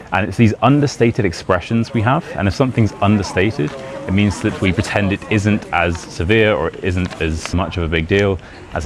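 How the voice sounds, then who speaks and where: A British man talking casually to camera in a chatty, rambling way, laughing often as he teaches about his country. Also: low voice. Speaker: British English teacher and YouTuber. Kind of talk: casual vlog talk. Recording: outdoor street noise behind.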